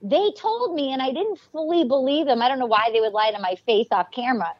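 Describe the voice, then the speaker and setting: High-voiced gossipy woman, dry dull sound. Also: fast talker, no room sound. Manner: gossipy, blunt, swears casually. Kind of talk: casual chat.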